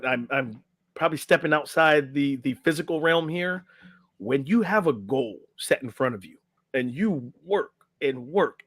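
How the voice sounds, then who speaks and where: A man's voice: medium pitch, fairly bright tone, no echo, clean studio sound. A middle-aged man, a podcast guest and life coach, telling a story casually and acting out the quotes, often tagging lines with "right?".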